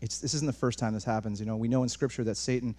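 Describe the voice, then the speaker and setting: A male pastor preaching a sermon in an animated way, often restarting words and addressing the congregation directly. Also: mid-range voice, rapid-fire.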